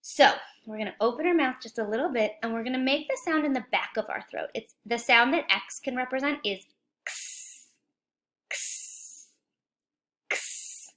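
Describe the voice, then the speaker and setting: A woman teaching a children's phonics lesson, speaking slowly and clearly, encouraging and asking young viewers questions. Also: on the high side, bright, forceful tone. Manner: slow, clear, encouraging, asks questions to kids.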